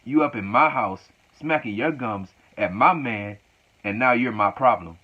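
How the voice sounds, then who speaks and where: A man voicing a sassy, angry woman telling off a rival, in a mocking, drawn-out way. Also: mid-range voice, narrow, tinny audio, lightly acted. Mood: sassy, scolding.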